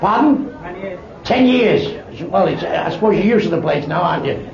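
A man's voice: high-pitched, lively intonation, moderate pace, vocal fry. A man telling blunt, crude jokes in a club stand-up routine, with asides to the crowd. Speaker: stand-up comedian. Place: live club venue with audience. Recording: echoey room, dull lo-fi live tape with crowd noise.

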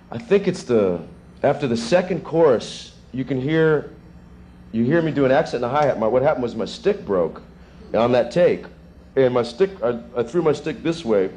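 A man in his thirties, a session drummer, answering students' questions in a rambling, animated way with chuckles, in a music school classroom. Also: medium pitch, a little hiss or hum. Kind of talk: casual Q&A with students.

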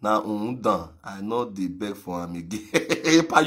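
A man with a Nigerian Pidgin accent ranting on a live video, mocking, laughing and breaking into shouts. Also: lowish voice, sing-song, unhurried. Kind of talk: animated rant in pidgin.

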